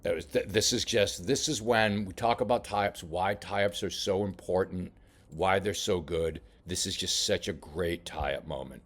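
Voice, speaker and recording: A man coaching a boxer while reviewing fight footage, talking casually with many halting restarts. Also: low-pitched, a bit bright. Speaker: boxing coach. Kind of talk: film study commentary.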